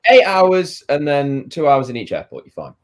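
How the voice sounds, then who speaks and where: Man, casual chat, dry jokes, animated pitch. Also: unhurried. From Canada.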